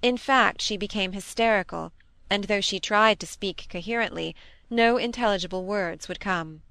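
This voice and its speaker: A woman giving a steady, even reading as an audiobook narrator. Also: mid-range voice, moderate pace, gravelly, dry recording. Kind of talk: scripted narration.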